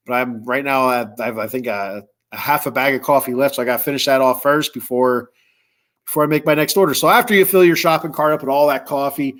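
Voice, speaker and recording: A man hosting a sports podcast, reading sponsor spots casually with lots of fillers and slow, careful reading of phone numbers. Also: medium pitch, fairly bright tone. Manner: rambling, filler-heavy, tired; reads numbers slowly and deliberately. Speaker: podcast host.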